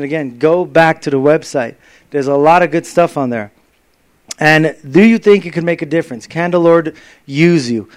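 A man preaching a sermon, telling stories and acting out the dialogue in a lively way. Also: a little high. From Las Vegas area.

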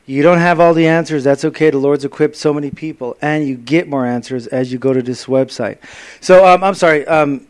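Fairly high-voiced male preacher. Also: brisk. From Las Vegas area. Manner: lively storytelling, acting out dialogue. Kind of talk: sermon.

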